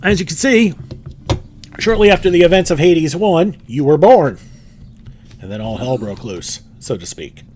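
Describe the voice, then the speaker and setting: A man's voice: a little high, animated, moderate pace, pauses often, a little mellow, a little hiss or hum. A middle-aged man hosting a gaming channel, giving upbeat, casual let's-play commentary with laughs.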